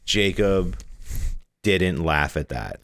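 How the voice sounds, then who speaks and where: Brief: man, very low voice, halting casual podcast chatter, dry sound. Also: lively intonation, gravelly, a bit bright, no echo. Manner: hesitant, full of "like" fillers. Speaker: podcast co-host. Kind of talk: casual chat.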